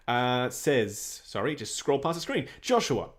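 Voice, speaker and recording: A man's voice: medium pitch, sing-song, measured pace. A young Australian man hosting a casual livestream, reading viewer questions aloud and answering them in a chatty way. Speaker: livestream host answering chat.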